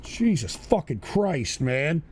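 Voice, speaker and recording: A man hosting a livestream, ranting bitterly and profanely, with wild swings between shouted outbursts and tired, low muttering. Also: big pitch swings, slow, very noisy. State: drinking, weary. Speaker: livestream host. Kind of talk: angry livestream rant.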